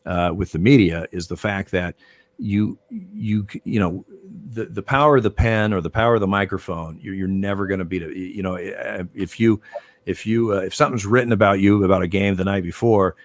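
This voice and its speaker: An older ex-umpire of baseball, guesting in a casual interview, talks briskly in a deep voice on a dry recording. His stories ramble with plenty of fillers and restarts, and he gets animated retelling arguments.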